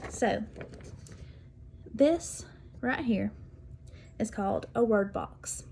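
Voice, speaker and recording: A woman teacher demonstrating literacy activities, speaking clearly and deliberately and sounding out word parts slowly. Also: on the high side, darkish tone. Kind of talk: instructional demonstration.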